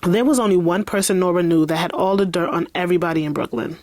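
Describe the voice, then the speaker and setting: A woman's voice: lowish voice, fast, darkish tone, no room sound. A woman author reading her own novel aloud and breaking off for candid, chatty commentary. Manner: chatty, candid, laughs and swears in asides. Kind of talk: read-along with casual commentary.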